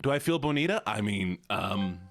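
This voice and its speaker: A man's voice: fairly low pitch, lively intonation, normal speed, gravelly. A young adult man streaming live, rambling in a self-deprecating way to his chat.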